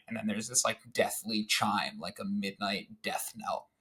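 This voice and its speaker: A man chatting as a podcast guest, recounting a favorite film scene in an animated, rambling way with fillers and restarts. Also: lowish voice, measured pace.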